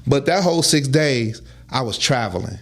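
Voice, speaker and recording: Man telling a story with lively quoted voices. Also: medium pitch, moderate pace. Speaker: guest. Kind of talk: casual storytelling interview.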